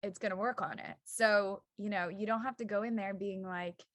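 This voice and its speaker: A woman's voice: medium pitch, fairly even intonation, normal speed, dry recording. A woman who teaches yoga, a guest on a podcast, explaining earnestly and acting out the thoughts that run through her head. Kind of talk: casual chat.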